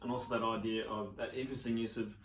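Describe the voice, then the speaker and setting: A man giving a relaxed piano lesson, explaining casually with fillers and sometimes singing rhythms in syllables. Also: fairly low pitch, fast, background noise. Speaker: piano teacher. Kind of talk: relaxed spoken piano tutorial. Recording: roomy sound with loud piano. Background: piano playing.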